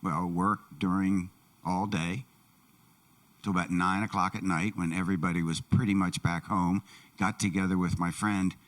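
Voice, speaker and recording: A man giving a first-person testimony in a plain, measured way, in a church. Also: deep voice, steady tone, recorded from a distance.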